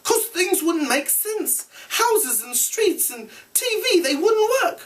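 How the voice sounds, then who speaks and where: A man reading aloud, voicing an anxious, shrill, plump boy who scolds and pleads in a squeaky high voice. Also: very animated, slow, a bit bright, recorded from a distance, exaggerated voice. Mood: shrill, pleading.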